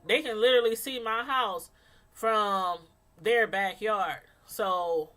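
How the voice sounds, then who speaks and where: A middle-aged woman vlogger telling a story in a casual, animated way, laughing often and using many fillers. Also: medium pitch, takes it slowly.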